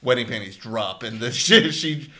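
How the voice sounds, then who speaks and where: Bright-toned man retelling movie scenes. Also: medium pitch, expressive, normal speed. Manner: rambling, recounts scenes with laughs. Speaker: podcast co-host. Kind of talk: casual chat about movies.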